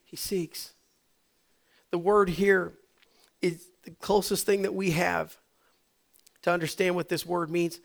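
A middle-aged male pastor preaching a sermon, dropping to hushed whispers and rising to loud shouts. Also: sits high, little pitch movement, slow, gravelly, long pauses.

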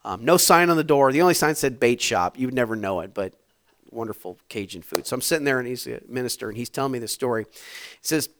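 A male preacher spins a story for his congregation in a relaxed, chatty sermon voice. He stumbles through fillers and restarts as he talks. He drops to quiet asides, then surges into loud, emphatic bursts. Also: mid-range voice, fast talker, a little hiss or hum. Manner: conversational, frequent fillers and restarts; swings between soft asides and loud bursts.

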